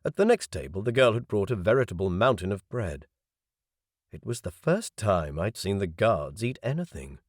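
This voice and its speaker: A man's voice: on the low side, very animated, normal speed, dry recording. A man narrating a novel in the first person, with wry, dry asides. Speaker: audiobook narrator.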